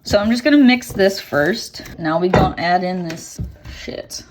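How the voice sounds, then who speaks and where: A woman's voice: medium pitch, measured pace, background noise. A woman cooking in her home kitchen and chatting casually to viewers, giggly and swearing offhandedly. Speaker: cooking vlogger.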